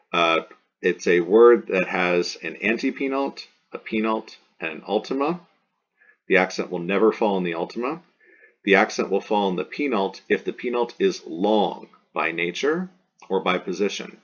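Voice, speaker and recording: Low husky man teaching a lesson. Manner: patient, repeats terms and examples slowly. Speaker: Latin teacher. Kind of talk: recorded lesson. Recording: dull lo-fi recording.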